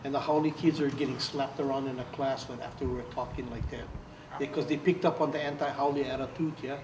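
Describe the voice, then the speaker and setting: In an oral history interview, an older former activist tells stories at a fast clip, in a mid-range voice with a steady tone. He often laughs and acts out others' words. A distant mic captures him in a roomy space with faint background noise.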